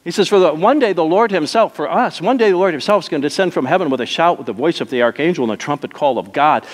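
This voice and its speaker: A male pastor preaching a sermon, moving between soft, slow lines and emphatic, raised ones. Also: high voice. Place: church sanctuary. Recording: long reverb of a church hall.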